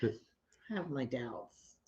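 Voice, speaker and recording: Wife co-hosting a home live stream; easygoing and teasing, muffled audio. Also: female voice, rumbling low, slow. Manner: relaxed, giggly, teasing. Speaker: co-host of a homestead live stream. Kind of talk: casual chat.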